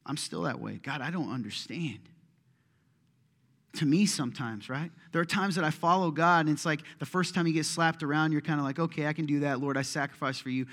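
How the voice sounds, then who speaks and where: This middle-aged pastor preaches fast in a fairly bright, somewhat high voice, barely pausing. Conversational and impassioned, he voices prayers and complaints as if acting them out.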